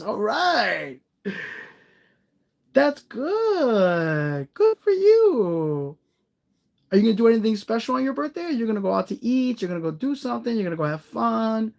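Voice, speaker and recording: A man's voice: sits high, big pitch swings, a little slow, creaky. Chatty man rambling to live viewers. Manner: warm-hearted, encouraging. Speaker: live streamer. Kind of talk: casual live-stream chat.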